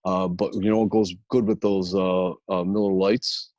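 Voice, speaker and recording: A man's voice: low-pitched, little pitch movement, normal speed, darkish tone, dry recording, highs cut off, lightly acted. A man putting on a Michigan accent as a boastful local selling hot sauce, rambling with lots of "uh" and "listen". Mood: boastful salesy. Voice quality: folksy, rambling, full of "uh" and "listen".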